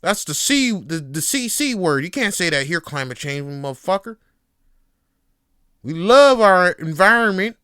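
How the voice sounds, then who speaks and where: A man voicing a buffoonish Southern hillbilly man in a put-on Southern US accent, with a shouty, high-pitched drawl. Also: sing-song, measured pace, clear, resonant tone, no room sound, clean studio sound, full character voice. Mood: mocking, boastful.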